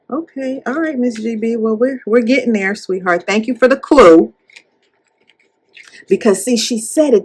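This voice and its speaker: A woman chatting casually while counting cash at home, animated and playful as she retells a story. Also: medium pitch, breathy edge. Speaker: cash-stuffing YouTuber.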